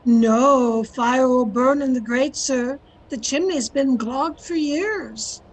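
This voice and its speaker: A woman's voice: sits high, slow pace, low-quality recording. A woman playing a loyal, deferential housekeeper who narrates the story in an old-time radio drama. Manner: polite, deferential. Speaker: narrator and servant. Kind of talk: 1930s-style radio drama acting.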